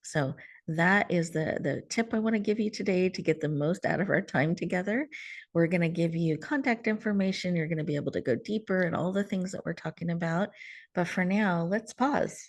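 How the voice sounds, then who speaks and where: Woman host, calm guided-breathing coach, lower voice, soothing, over a video call. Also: fairly quick. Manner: soothing, warm coaching with soft laughs, drops to whispers. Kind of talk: gentle guided mindfulness talk.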